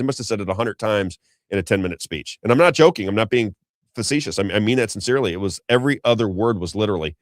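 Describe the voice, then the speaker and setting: A middle-aged man running an unscripted political talk show at a quick, pushy clip. His low voice sits close to the mic in a dry room, and he rambles emphatically, repeating himself and turning to his co-host. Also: dry recording. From Missouri, USA.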